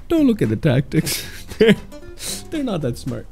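A man commentating his own driving game, exasperated and self-mocking, yelling at the game when things go wrong. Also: fairly high pitch, huge pitch swings, normal speed, vocal fry, long pauses, music in the background. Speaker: gameplay commentator. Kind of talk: gameplay commentary.

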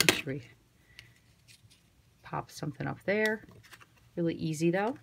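A woman's voice: low voice, measured pace, creaky, slight background noise. A woman giving a casual, chatty card-making tutorial, thinking aloud as she works. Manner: chatty, relaxed, thinks aloud while working.

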